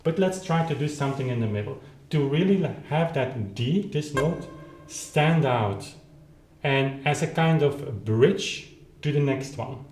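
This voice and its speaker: A man teaches piano in an expressive, somewhat slow, darkish mid-range voice, with slight background noise. The room sounds spacious, and he plays between phrases while demonstrating, thinking aloud, restarting, and singing rhythms on syllables.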